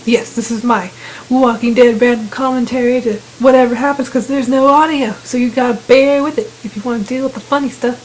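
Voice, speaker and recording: A woman's voice: fairly high pitch, steady tone, a little fast, low-quality recording. Chatty young-sounding woman retelling gameplay. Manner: chatty retelling with quoted voices. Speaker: gamer narrating gameplay. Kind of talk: casual gameplay commentary.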